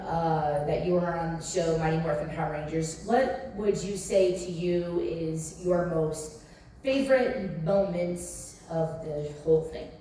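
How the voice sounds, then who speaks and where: A woman in the audience asking a question in a friendly, halting way. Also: lowish voice, warm tone, slight background noise. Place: large convention hall. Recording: echoey hall from far off.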